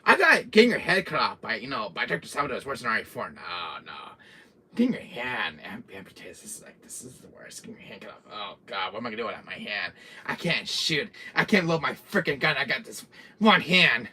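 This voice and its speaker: A man hosting a gaming channel, chatting casually about horror games, who swears freely and acts out scenes in little voices and hushed whispers. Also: mid-range voice, sing-song, brisk, distant mic, a little hiss or hum.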